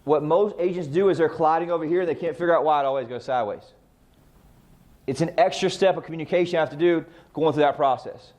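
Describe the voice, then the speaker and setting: A man's voice: fairly high pitch, quick pace, a little mellow. A middle-aged man coaching a real estate training session, often asking the group questions and answering them himself. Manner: rhetorical questions to the class. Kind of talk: training talk.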